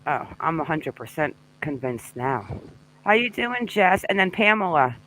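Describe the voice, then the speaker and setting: A woman's voice: low voice, big pitch swings, unhurried, fairly bright tone, slight background noise, low-quality recording. A woman hosting a casual live true-crime discussion, chatting and greeting viewers by name. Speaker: livestream host.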